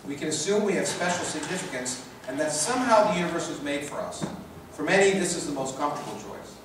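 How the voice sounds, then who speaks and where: A man's voice: on the high side, lively intonation, quick pace, distant mic, noisy background. A man with a Canadian accent giving a public lecture and reading from his book, emphatic and rhetorical, with phrases built up in repetition. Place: large lecture hall. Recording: echoey hall recorded from afar.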